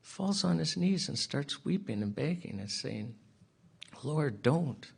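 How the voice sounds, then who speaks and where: Guy with a gravelly voice telling a bible parable at a public hearing, keeps clearing his throat, earnest and plain. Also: a little high, sing-song, moderate pace. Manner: clears his throat often between phrases; earnest, plain-spoken storytelling with casual asides. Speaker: speaker at a public inquiry. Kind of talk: public address retelling a parable.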